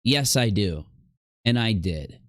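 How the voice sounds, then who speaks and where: A man's voice: on the low side, animated, no room sound. Emphatic man commenting over clips. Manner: emphatic, rambling, drawn-out stresses. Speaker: YouTube commentator.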